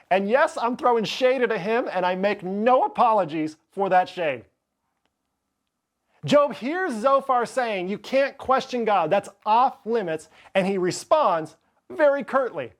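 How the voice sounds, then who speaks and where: A man's voice: sits high, unhurried. A man preaching a sermon as pastor, reading scripture passages with dramatic delivery. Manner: expressive, reads scripture dramatically.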